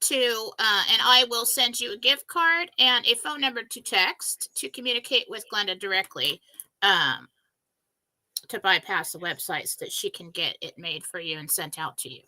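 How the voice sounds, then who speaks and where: A woman's voice: medium pitch, moderate pace, bright, forceful tone, low-quality recording. A woman co-hosting a live-streamed talk show, speaking in a direct, matter-of-fact way. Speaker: co-host, psychic reader. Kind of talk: casual live-stream chat.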